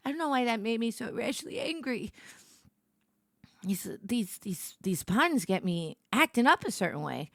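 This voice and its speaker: A young woman streaming and greeting her viewers in casual chat, animated and swinging from soft murmurs to excited squeals. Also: a little high, normal speed, dry recording, clean studio sound.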